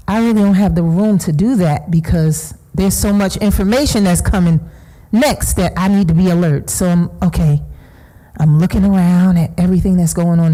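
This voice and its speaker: Hushed, grieving woman with a dark, husky voice. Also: fairly low pitch. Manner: slow, halting, often dropping to a hushed whisper. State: grieving, emotional. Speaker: seminar speaker. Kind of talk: personal testimony talk.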